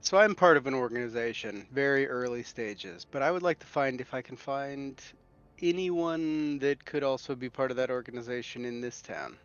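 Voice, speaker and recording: A man's voice: mid-range voice, normal speed, a bit bright, smooth, lo-fi sound. A man speaking as a tabletop game player, casual and hesitant, sometimes swearing. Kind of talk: casual in-character role-play.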